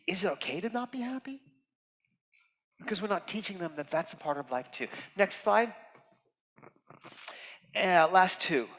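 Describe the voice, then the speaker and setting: A man giving a heartfelt, expressive inspirational talk as a guest speaker at a temple, swinging from loud emphasis to soft near-whispers. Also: high voice. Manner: earnest and heartfelt, tearful at moments. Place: temple sanctuary. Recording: reverberant hall.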